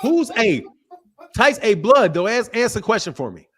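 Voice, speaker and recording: His voice sits high and has a sing-song lilt at a moderate pace. He hosts a boxing talk show and gets into a heated debate, fighting his corner with interruptions and profanity.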